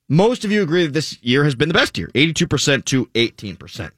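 A man hosting sports talk radio, opinionated and quick, reading listener tweets into a close studio microphone. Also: fairly high pitch, big pitch swings, husky, no room sound.

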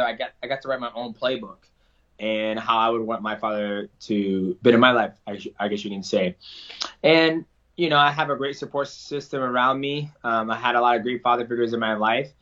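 A man's voice: medium pitch, fairly quick, fairly bright tone. Casting: earnest male interview guest, casual and rambling, a little lo-fi.

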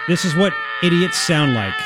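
A man hosting a talk radio show, mocking and sarcastic, with animated outbursts. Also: sits high, moderate pace, heavy background noise.

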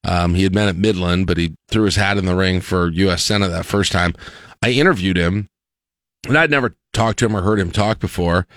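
A man's voice: sits low, fairly quick, a bit bright, no echo, studio quality. A man hosting a casual talk show, telling stories in a rambling way with many restarts. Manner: rambling, self-interrupting storyteller with frequent restarts. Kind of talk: casual chat.

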